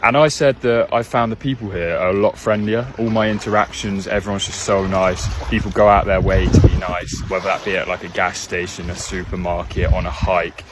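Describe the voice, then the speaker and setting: A British man chatting casually to camera, musing out loud with plenty of fillers. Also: sits low, steady tone, brisk, few pauses, noisy background. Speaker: visitor talking to camera. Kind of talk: casual vlog chat.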